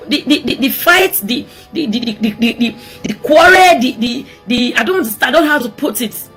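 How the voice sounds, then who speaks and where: Pleading Nigerian woman with a husky voice. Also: on the high side, lively intonation, normal speed, hardly any pauses, fairly bright tone, faint music behind. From Edo State, Nigeria. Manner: pleading, repeats words, mixes in Edo phrases. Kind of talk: emotional appeal for peace.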